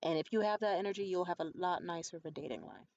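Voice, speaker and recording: A young adult woman in a casual vlog monologue, telling stories in a blunt, profane and animated way. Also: lowish voice, quick pace, dull audio. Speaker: vlogger.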